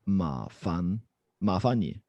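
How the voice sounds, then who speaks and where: A man's voice: low-pitched, sing-song, takes it slowly, mellow, no room sound, dull audio, faint music behind. A man teaching a Mandarin lesson over a video call, encouraging and switching between English and Chinese. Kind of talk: online language lesson.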